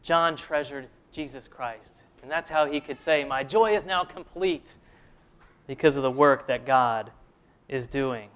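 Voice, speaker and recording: A man preaching a sermon in an earnest way, asking the listeners questions and slowing down to stress key phrases. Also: medium pitch, fairly bright tone, clear, resonant tone. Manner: earnest preaching, rhetorical questions, slows for emphasis. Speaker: pastor.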